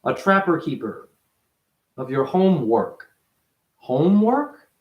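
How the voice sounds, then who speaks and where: A man's voice: big pitch swings, slow pace, highs cut off. Guy rambling about spiritual stuff, swears a lot, voice jumps around, roomy echo. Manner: profane, rambling, jumps in pitch. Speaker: spiritual teacher. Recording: echoey room.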